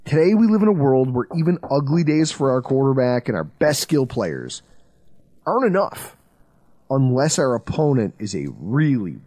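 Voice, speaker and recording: A man hosting a sports podcast, telling stories in a lively, swearing, casual way. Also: slightly rough, no echo. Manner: animated, storytelling, swings between low intensity and loud outbursts. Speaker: podcast host.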